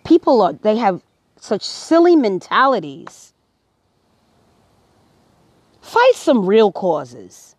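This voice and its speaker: A woman's voice: medium pitch, big pitch swings, slow, long pauses, a little mellow, no room sound. A woman speaking to camera, earnest and preachy, her voice rising to emphatic peaks. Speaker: vlogger. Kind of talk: impassioned personal commentary.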